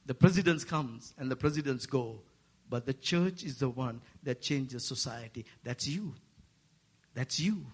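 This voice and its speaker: A man with an Asian accent preaching a sermon to a congregation, making playful asides and lifting his voice high for emphasis. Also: unhurried, husky. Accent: Asian English. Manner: rising to animated, high-pitched emphasis. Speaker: guest preacher.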